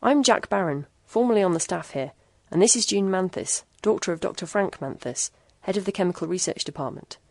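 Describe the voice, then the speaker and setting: A woman voicing a steady young male engineer who speaks in a calm, reassuring way. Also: fairly low pitch, brisk, few pauses, no echo.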